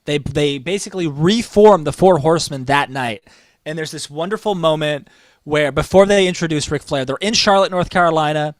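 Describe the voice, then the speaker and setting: A man's voice: normal speed, dry recording. A man co-hosting a casual wrestling podcast, telling stories with building enthusiasm. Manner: enthusiastic storytelling, rises in pitch when excited. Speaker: podcast co-host.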